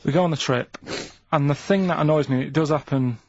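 A man's voice: a little high, brisk, a little mellow, no echo. A man in casual chat, telling a rambling story with many fillers. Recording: dry lo-fi recording.

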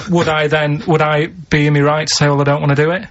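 A man, a regular on a radio show, musing in a rambling deadpan way during casual studio banter. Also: a little high, normal speed, very noisy. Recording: dull lo-fi radio recording.

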